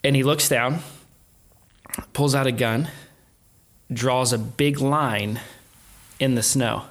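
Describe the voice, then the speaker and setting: An adult man tells a story in an easy conversational way. He animates the retelling with quoted voices and short laughs. His voice sits at an ordinary middle pitch. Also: fairly even intonation, slow pace, fairly bright tone. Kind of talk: casual storytelling chat.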